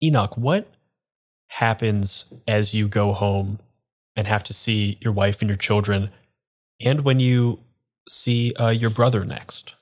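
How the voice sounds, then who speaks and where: A woman's voice: rumbling low, slow pace, darkish tone. A woman narrating a tabletop game as game master, casual and prompting the players.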